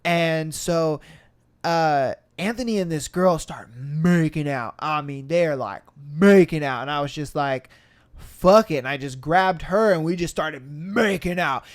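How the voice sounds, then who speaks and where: Man, podcast host, casual storytelling, higher-pitched voice, animated, acts out quotes, swears a lot. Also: a little slow.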